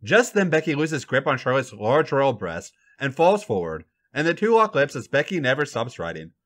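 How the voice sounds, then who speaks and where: Man, podcast host, story reading, bright tone, very animated pitch. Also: normal speed. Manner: animated, swooping delivery.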